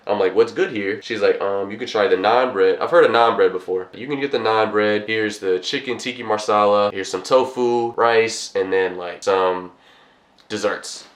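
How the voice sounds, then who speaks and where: A young man who is a college vlogger, telling a rambling, animated storytime with lots of quoted back-and-forth. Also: on the low side, normal speed, roomy sound. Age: young adult. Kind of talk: casual storytime.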